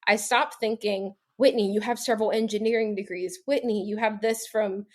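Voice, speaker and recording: A woman in her thirties talks as a podcast guest in an easy, rambling way, leaning hard on "like" and laughing between thoughts. Her voice sits at an ordinary middle pitch. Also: steady tone, moderate pace. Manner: chatty, heavy use of "like", laughs often. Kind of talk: casual storytelling interview.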